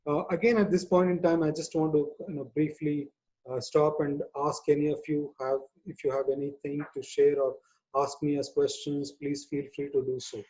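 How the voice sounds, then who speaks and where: A man's voice: a little high, little pitch movement, normal speed, a little mellow, lo-fi sound. A man speaking as a webinar presenter on people management, conversational, with many "you know" fillers. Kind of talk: webinar talk.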